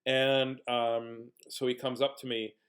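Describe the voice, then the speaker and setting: Middle-aged man, goofy children's entertainer, mid-pitched, silly read-aloud storyteller who laughs a lot. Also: slow. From Manitoba, Canada. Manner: silly, animated, laughs often.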